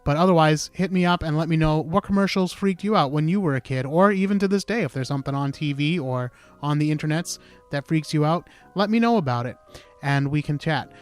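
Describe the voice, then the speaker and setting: A man hosting a podcast, talking in a relaxed, chatty way with casual swearing. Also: fairly high pitch, fairly quick, clear, resonant tone, faint music behind. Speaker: podcast host.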